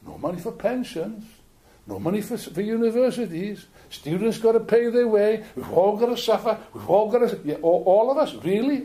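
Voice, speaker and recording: An older man from Wales with a Welsh accent, giving an animated, joking political speech to an audience in a meeting room. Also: high voice. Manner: animated, jokey, repeats words while building points. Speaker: political speaker.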